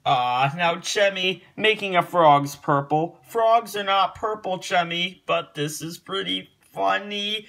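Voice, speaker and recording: A man's voice: sits high, takes it slowly, vocal fry, hardly any pauses, bright, forceful tone. A man doing comedic reaction commentary on pictures, giggling a lot, repeating silly chants and mock-scolding the picture maker. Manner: giggly and repetitive, laughing at each picture in singsong chants.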